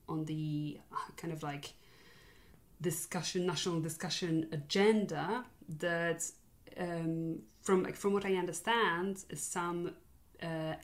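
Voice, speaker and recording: A young woman in her twenties chatting casually, thoughtful and halting, with many fillers and restarts. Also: fairly low pitch. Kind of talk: casual chat.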